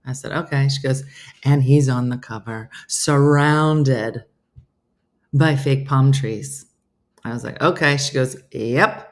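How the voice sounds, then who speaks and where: A woman's voice: very deep voice, takes it slowly. A middle-aged woman hosting a casual morning show, chatting with viewers and telling stories full of quoted dialogue. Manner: chatty storyteller, quoting others in lively voices. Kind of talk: casual chat reading viewer comments.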